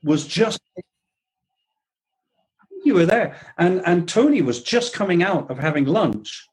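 Slightly high-voiced man reminiscing. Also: big pitch swings, darkish tone, slightly rough, rough recording. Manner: reminiscing, halting with repeats. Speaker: guest. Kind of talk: casual interview chat. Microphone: video call.

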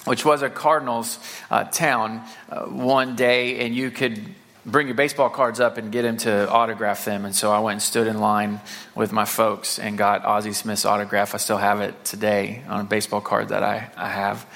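A man's voice: fairly low pitch, level tone, vocal fry, fairly bright tone. A man from the Saint Louis area preaching a sermon to his church in a conversational way, with fillers and repeated words. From Saint Louis area, Missouri. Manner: reads scripture aloud, slowing for emphasis. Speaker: pastor.

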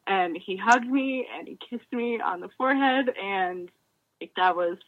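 A woman in her twenties, a former college swimmer, telling animated stories in a casual interview and acting out remembered dialogue. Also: medium pitch, moderate pace, narrow, tinny audio.

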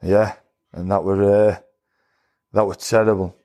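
Speaking a little slowly in a low, mellow voice with little pitch movement, a retired boxer guest recounts his stories in a casual interview. He's blunt and plain-spoken, and he acts out quoted voices.

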